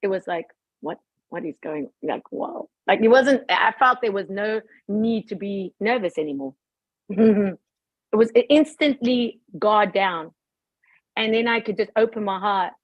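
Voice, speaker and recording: A woman on a group video call, telling a personal story in a casual, animated way, laughing often and acting out her own past thoughts. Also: mid-range voice, unhurried, dry recording, dull audio. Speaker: participant sharing a testimony on a group call.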